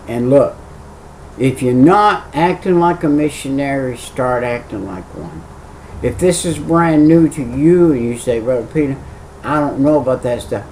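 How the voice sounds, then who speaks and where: A man's voice: medium pitch, darkish tone, far from the mic, a little hiss or hum, poor audio. A middle-aged man, an evangelist, preaching a video sermon with earnest, emphatic repetition.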